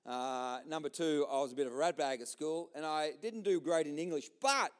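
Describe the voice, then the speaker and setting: A man's voice: a little high, moderate pace. A man with an Australian accent preaching a sermon in church, telling jokes and speaking straight to the congregation. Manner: jokey storytelling, lively, talks directly to the congregation. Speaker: pastor. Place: church service.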